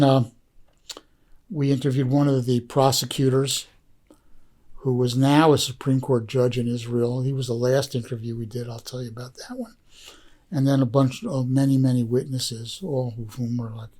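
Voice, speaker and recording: A man's voice: medium pitch, fairly even intonation, a little slow, a little mellow. A man who is a guest on a podcast, telling a story in a rambling, heartfelt way, full of fillers and restarts. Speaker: podcast guest, documentary filmmaker. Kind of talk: casual storytelling.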